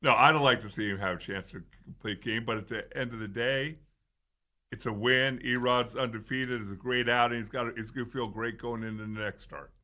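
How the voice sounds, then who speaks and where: Bright-voiced calm radio co-host. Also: male voice, mid-range voice, fairly quick. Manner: calm, reasoning pushback. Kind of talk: sports talk radio banter.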